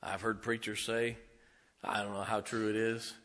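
Bright-voiced folksy preacher man. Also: fairly low pitch, flat delivery, moderate pace. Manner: folksy storytelling preacher, swings from loud to hushed. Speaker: pastor. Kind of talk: sermon.

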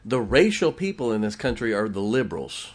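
A man's voice: lowish voice, big pitch swings, a little fast. A man preaching a conversational sermon in a folksy way, often laughing as he talks.

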